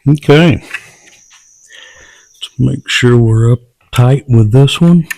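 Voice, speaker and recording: A man's voice: medium pitch, extremely slow, vocal fry, a little mellow. A man casually narrating step by step as he builds garden doors at a work table. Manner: plain, matter-of-fact step-by-step talk. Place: workshop or outdoor work table.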